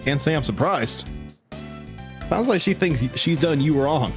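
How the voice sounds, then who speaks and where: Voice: medium pitch, expressive, measured pace. Streamer doing a chatty reporter guy, bouncy voice going all over, game music behind. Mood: concerned. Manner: breezy, teasing, exclaiming. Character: chatty upbeat male reporter. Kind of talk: reading game dialogue aloud on a stream.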